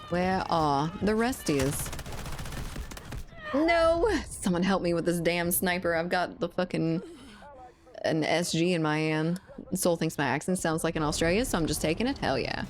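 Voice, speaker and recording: A woman in her late twenties from South Louisiana banters with her chat while she plays a shooter. She jokes, swears freely and speaks in a somewhat low voice. Soft gunfire sounds run faintly underneath. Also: normal speed, slight background noise. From South Louisiana, USA. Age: 20s. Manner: joking, swears often, banters with viewers. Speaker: gaming streamer. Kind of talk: casual chat while playing a shooter and reading chat. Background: faint game gunfire.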